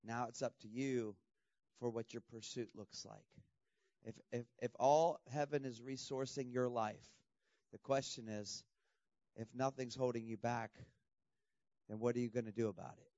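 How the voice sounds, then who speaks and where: A man preaching a lively sermon to students, with laughs and sudden shouting bursts. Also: mid-range voice, moderate pace, dry recording, lo-fi sound. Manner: animated, laughing, bursts into loud shouts when imitating. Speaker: pastor.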